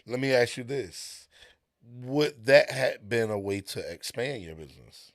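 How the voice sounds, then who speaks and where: Gravelly podcast host saying okay a lot. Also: male voice, medium pitch, a little slow, no echo, clean studio sound. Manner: steady stream of "okay" backchannels, easygoing questions. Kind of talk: casual interview chat.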